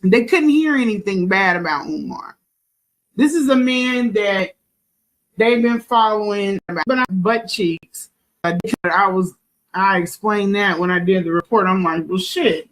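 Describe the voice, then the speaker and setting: A woman talking slowly in a middle-pitched voice, stumbling and restarting as she tells her story. She breaks off mid-sentence and begins again. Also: fairly bright tone, low-quality recording. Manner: halting, restarts, nervous laughs. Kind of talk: casual storytelling.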